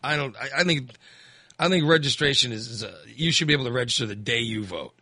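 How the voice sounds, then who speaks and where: A man's voice: medium pitch, expressive, quick pace, sharp tone, dry recording. A man hosting a call-in radio chat, rambling and acting out angry voters. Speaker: radio host.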